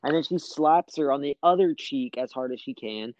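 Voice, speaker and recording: A man's voice: mid-range voice, normal speed, lo-fi sound, noisy background. A young man telling a long story in casual chat, rambling with lots of fillers and swearing.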